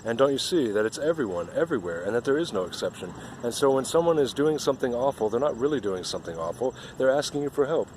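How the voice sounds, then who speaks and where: Fast-talking earnest man outdoors. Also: medium pitch, expressive, darkish tone, a little hiss or hum. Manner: earnest, rambling and repetitive. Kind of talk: spiritual monologue.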